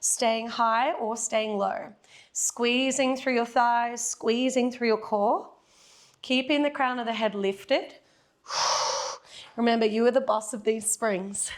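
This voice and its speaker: An Australian woman guides a Pilates class with brisk, encouraging cues and the odd playful joke. Her voice sits a little on the high side for a woman, and she sounds young and easygoing as she counts through the reps. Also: steady tone. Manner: upbeat coaching cues with playful jokes. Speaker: Pilates instructor. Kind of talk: guided workout instruction.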